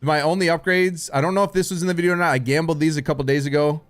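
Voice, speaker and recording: A man live-streaming while gaming, excitable and swearing a lot, stammering through restarts and calling everyone dude and bro. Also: a little high, rapid-fire, soft background music. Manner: stammering restarts when overwhelmed.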